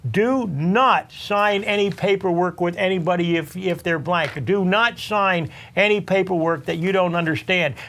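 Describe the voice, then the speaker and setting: A man with a notably high voice hosts a talk show as an attorney. He speaks earnestly and repeats his warnings, addressing listeners directly. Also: a little slow, hardly any pauses, fairly bright tone, slight background noise. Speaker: tax and immigration attorney, show host.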